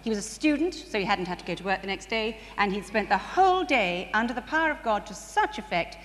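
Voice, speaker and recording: A woman's voice: mid-range voice, quick pace. Woman preaching in an echoey hall. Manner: animated, laughs often, rising to bursts of excitement. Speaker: speaker at a church conference. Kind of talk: sermon-style testimony storytelling. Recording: distant reverberant hall recording with faint ambient noise.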